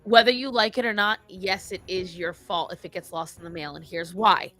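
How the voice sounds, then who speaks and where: A woman's voice: fairly low pitch, normal speed, faint music behind. A woman hosting a live stream, casually telling stories and giving blunt, opinionated advice to her chat. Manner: animated, opinionated storytelling. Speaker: streamer host.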